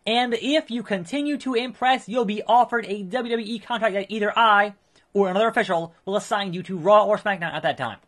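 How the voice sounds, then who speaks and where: A man voicing a smug middle-aged male wrestling promoter, speaking slowly and grandly. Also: high voice, a bit bright, pitched above the performer's own voice. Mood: pompous. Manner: pompous, slow and grandiose.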